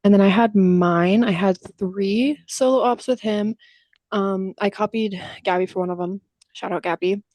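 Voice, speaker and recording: A young woman co-hosts a casual podcast, rattling through stories and slipping into quick impressions of what people said. She swears freely and keeps it loose. Her mid-range voice sits close and dry, with no room sound. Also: mid-range voice, a little mellow, no echo. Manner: chatty storytelling, casual swearing, acts out quotes. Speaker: podcast co-host. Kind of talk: casual chat.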